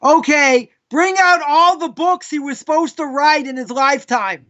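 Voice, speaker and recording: A man's voice: very high voice, moderate pace, pushed and bright, dull audio. A man voicing a solemn heavenly voice that pronounces judgment on a child in a heavenly court, within a story he tells. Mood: solemn verdict.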